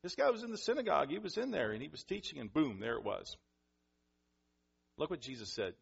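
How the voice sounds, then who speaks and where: A man preaching a sermon, animated, acting out scenes with sudden loud outbursts. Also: mid-range voice, fairly quick, vocal fry, husky, highs cut off. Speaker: pastor.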